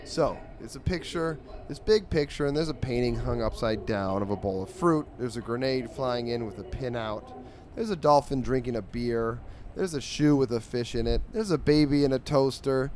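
A man hosting a podcast, reading comic strips aloud in a sarcastic, animated way and jumping his pitch when he quotes the characters. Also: moderate pace, a crowd in the background. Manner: sarcastic, animated, voices quoted lines with big pitch jumps. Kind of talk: casual comedic monologue.

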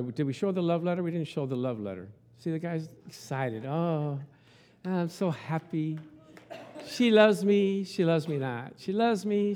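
A man in his sixties preaching a sermon in a conversational, folksy way with an Italian accent. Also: a little high. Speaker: pastor.

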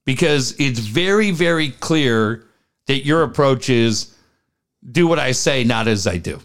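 Middle-aged male co-host, animated and profane, a lively up-and-down voice. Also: mid-range voice, a little slow. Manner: animated, profane storytelling with acted-out quotes. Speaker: podcast co-host. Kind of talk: casual chat.

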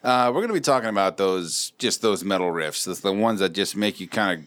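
A man in his thirties hosting a casual podcast chat, jokey and quick to laugh. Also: low voice. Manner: animated, jokey, laughs often. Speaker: podcast host.

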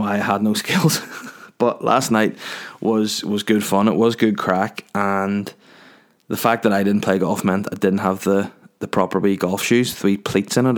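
A young man rambling through a crude, self-deprecating comic story. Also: lowish voice.

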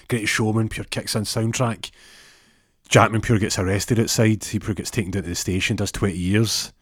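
A man's voice: fairly low pitch, steady tone, moderate pace, long pauses, husky, dry recording, studio quality. A man telling an absurd comic story in a rambling way, full of stumbles and restarts. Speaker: comedic storyteller.

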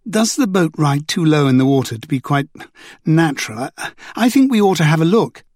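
A man's voice: a little high, very animated, moderate pace, darkish tone, no room sound, clean studio sound. A man voicing an urgent, resolute young woman in an audiobook. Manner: urgent, insistent.

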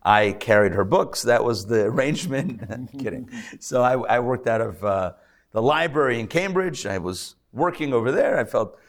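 A rabbi teaching a live class before an audience, chatty with joking asides and many fillers and restarts. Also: male voice, medium pitch, expressive, normal speed.

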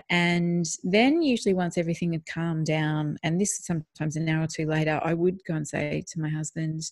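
A woman's voice: low voice, vocal fry, a little mellow, no room sound, studio quality. A woman hosting a podcast in casual chat, earnest and reflective, laughing easily. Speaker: podcast host.

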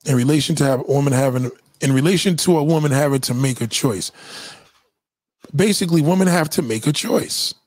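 Husky, emphatic man lecturing on stream. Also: fairly high pitch, a little fast, darkish tone, no echo, studio quality. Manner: emphatic, profane, preachy. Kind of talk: casual livestream monologue.

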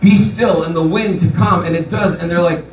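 A man's voice: on the high side, fairly even intonation, fairly quick, a little hiss or hum. A male pastor giving a sermon, telling the story animatedly and putting on voices for the people in it. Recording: echoey room from far off.

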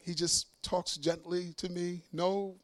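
A middle-aged man giving a sermon testimony as a preacher and singer, telling a story in a lively way, acting out dialogue with self-mocking humor. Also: high-pitched, slow pace, no room sound.

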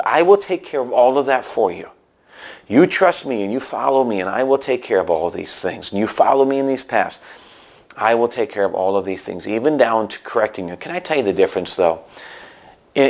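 A middle-aged man, a pastor, preaching a sermon in an earnest way, moving between emphatic points and hushed asides. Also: mid-range voice.

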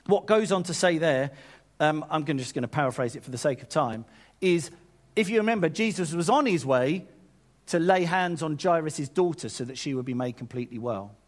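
A man preaching a sermon, retelling scripture in a lively paraphrase with casual asides. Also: a little high, a little fast. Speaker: pastor.

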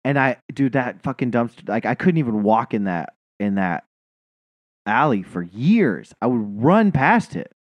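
Profane rambling man with lively pitch. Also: a little slow, dry recording, highs cut off. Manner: profane, rambling, self-mocking. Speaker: podcast co-host. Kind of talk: casual storytelling chat.

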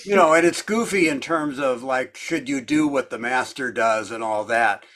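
A man leads a group discussion over a video call, talking casually and rambling with plenty of fillers. His voice sits at a middle pitch, and his tone is easygoing. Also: normal speed, a bit bright. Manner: chatty, rambling, lots of fillers.

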